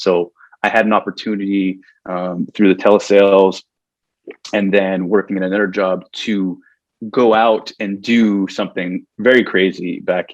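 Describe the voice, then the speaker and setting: A man's voice: low-pitched, dry recording. Chatty man on a dull line. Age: 40s. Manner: chatty, laughs often, many restarts. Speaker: podcast guest. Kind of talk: casual interview storytelling.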